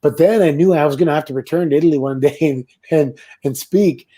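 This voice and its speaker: A middle-aged man from Canada, a former wrestler, telling stories in a relaxed, casual interview. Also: on the high side, fast. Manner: relaxed anecdotal storytelling with laughs and quoted voices. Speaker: guest, former pro wrestler.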